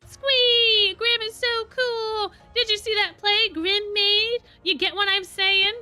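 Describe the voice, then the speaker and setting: A woman voicing a brash, boastful little male monster who shouts and whines in tantrums. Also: steady tone, takes it slowly, heavily acted. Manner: shrill, whiny tantrum shouting.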